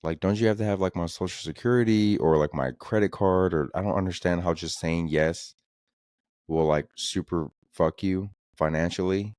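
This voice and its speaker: A man's voice: low-pitched, moderate pace, darkish tone, no echo. A young man hosting a solo comedy podcast, rambling through exasperated, profane rants about the news. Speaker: podcast host.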